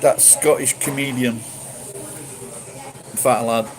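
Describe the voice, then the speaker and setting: A middle-aged man from Sheffield, his Yorkshire accent softened, meanders through a late-night monologue, swearing casually and restarting sentences amid plenty of fillers. His mid-range voice is steady and slow. The audio is poor, with crowd noise in the background.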